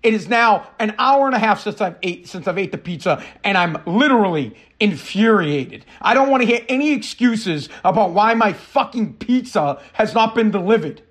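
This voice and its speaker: A middle-aged man with a high-pitched voice rants on his podcast. He tells his story in animated, profane bursts, acting out both sides of the conversation. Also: normal speed, few pauses. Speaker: podcast host. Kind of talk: casual ranting monologue.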